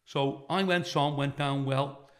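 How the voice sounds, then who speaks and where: Taking it slowly in a medium-pitched voice, a middle-aged man from the UK shares a foul-mouthed story as a comedian guest. He animatedly plays each character he describes.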